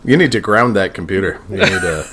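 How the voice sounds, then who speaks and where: Low-pitched guy rambling in a casual podcast chat, swearing and laughing. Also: expressive, fairly quick, a bit bright, a little hiss or hum. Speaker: podcast co-host.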